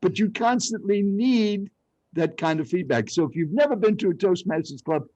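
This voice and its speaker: In a storytelling interview, an older American man from Arizona who coaches speech recounts dramatic personal experiences with lively flair. His high-sitting voice keeps a moderate pace, captured in a dry, low-quality recording.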